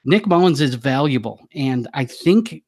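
A man's voice: mid-range voice, animated, measured pace, a little mellow. A man co-hosting a casual podcast, bantering wryly and then laying out an argument. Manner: wry, self-mocking banter. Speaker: podcast co-host.

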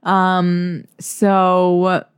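A woman's voice: lowish voice, completely flat delivery, drawn-out words, clear, resonant tone, no room sound, studio quality. A woman co-hosting a podcast who reads out listener questions and teases her co-host. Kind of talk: casual podcast chat.

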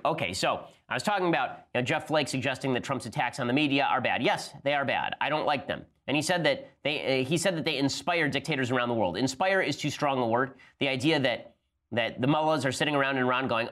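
Rapid-fire sardonic male podcast host. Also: medium pitch, fairly bright tone. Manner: rapid-fire, sardonic, talks in quick bursts. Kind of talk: fast political commentary with a read ad.

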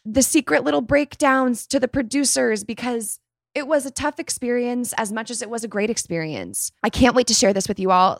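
A woman's voice: a little high, dry recording, clean studio sound. Bubbly woman podcast host. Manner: bubbly and excitable. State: tired from a late night. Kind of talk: casual podcast intro.

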